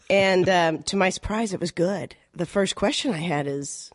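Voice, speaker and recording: Middle-aged woman director chatting, lively, laughs a lot, dry sound. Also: on the low side, normal speed, few pauses, no echo. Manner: animated, laughing storyteller who acts out quotes. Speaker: community theater director. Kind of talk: casual interview storytelling.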